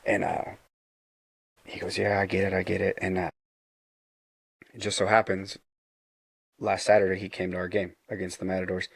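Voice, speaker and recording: Middle-aged man, husky low voice, earnest storyteller, dry close mic. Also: completely flat delivery, normal speed, long pauses, no echo. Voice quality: low gravelly voice. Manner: earnest, retelling dialogue with frequent restarts. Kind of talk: casual storytelling.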